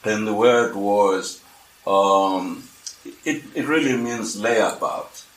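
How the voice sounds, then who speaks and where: Slow, halting older man in echoey room. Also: lowish voice, fairly bright tone. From South Africa. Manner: halting, with many restarts and fillers. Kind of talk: personal storytelling.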